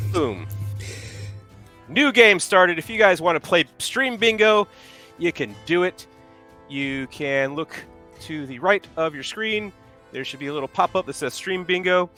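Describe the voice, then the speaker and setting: A man's voice: on the high side, pushed and bright. A man hosting a casual live stream, reading viewer chat and redemptions aloud in an upbeat way. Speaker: stream host.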